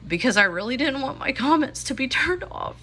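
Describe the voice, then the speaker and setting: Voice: high-pitched, very animated, a little fast, sharp tone, breathy edge. A young adult YouTuber and custom figure maker in a rambling, frustrated vlog rant to viewers. The speaker is close to tears, and the voice rises as they talk. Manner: rambling, frustrated, many fillers.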